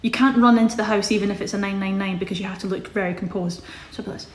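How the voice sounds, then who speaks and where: A Scottish woman in her twenties hosts a livestream, rambling casually and correcting herself as she reads comments. She talks rapid-fire in a steady, mid-range voice, and the room sounds echoey.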